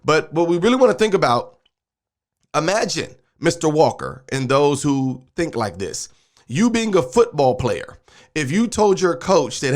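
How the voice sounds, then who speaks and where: A man's voice: fairly high pitch, animated, normal speed. Preachy man hosting commentary. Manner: preachy and emphatic, uses sports metaphors. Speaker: show host and minister. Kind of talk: commentary on a video clip.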